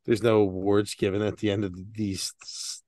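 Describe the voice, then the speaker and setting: A man's voice: on the low side, little pitch movement, moderate pace, a little mellow, no echo, studio quality. A man co-hosting a casual podcast, teasing his friend and asking curious questions. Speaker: podcast co-host. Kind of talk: casual chat.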